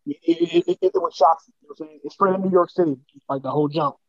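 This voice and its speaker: Co-host, male, high voice, quick rambling delivery, dry dull lo-fi sound. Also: dry recording. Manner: rambling slangy storytelling with many fillers. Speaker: podcast co-host. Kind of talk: casual chat.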